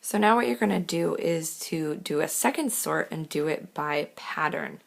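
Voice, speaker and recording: A woman teacher giving a recorded lesson, reading words clearly one by one and explaining steps patiently. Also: low-pitched, expressive. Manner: slow, clear word-by-word reading; patient step-by-step instruction.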